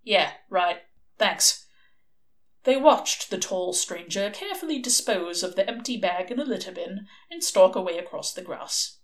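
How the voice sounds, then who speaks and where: A woman narrating a novel in an expressive audiobook reading. Her voice rises and falls freely, giving the story a lilting shape. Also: mid-range voice, moderate pace.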